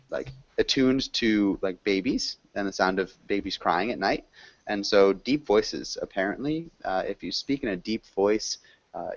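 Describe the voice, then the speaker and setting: A man's voice: lowish voice, highs cut off. A man teaching an online English class, chatting casually with students and rambling through fillers. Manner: relaxed, rambling, many fillers.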